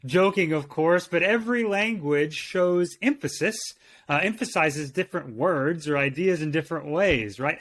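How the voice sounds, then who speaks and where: Male co-host of a Bible lesson, fairly high voice, upbeat presenter. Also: normal speed, fairly bright tone. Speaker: co-host, Greek teacher. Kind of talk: scripted lesson introduction.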